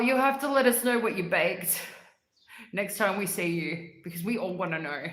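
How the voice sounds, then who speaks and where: A woman chats casually with her livestream viewers in an unhurried, lowish voice, stopping now and then to clear her congested throat. She gushes about sweets and fills her talk with "like." The sound is roomy, with a clear echo. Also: fairly bright tone. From Australia. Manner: chatty, gushing about sweets, frequent "like" fillers. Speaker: livestream host. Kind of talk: casual chat with live chat viewers.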